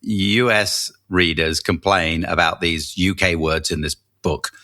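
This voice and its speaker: A man's voice: deep voice, steady tone, a little slow, pushed and bright. A man from the UK co-hosting a podcast, chatting casually and joking, laughing easily. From United Kingdom. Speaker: podcast co-host.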